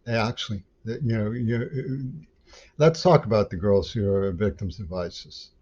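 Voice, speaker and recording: Low mellow-voiced guy on an angry rambling rant, keeps tripping over words, dull lo-fi audio. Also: normal speed, breathy edge. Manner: angry, rambling, stumbling restarts. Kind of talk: ranting monologue.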